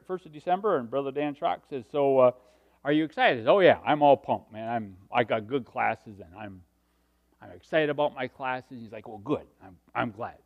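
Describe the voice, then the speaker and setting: High-voiced man preaching animatedly. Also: phone-quality sound. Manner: animated storytelling, swinging from hushed to loud. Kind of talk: sermon with personal stories.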